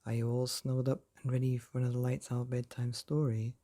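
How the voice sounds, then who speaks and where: A man's voice: mid-range voice, flat delivery, brisk, dark tone. A man hosting a bedtime story podcast, reading a chapter aloud in a cosy, theatrical storytelling manner. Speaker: bedtime story narrator and host.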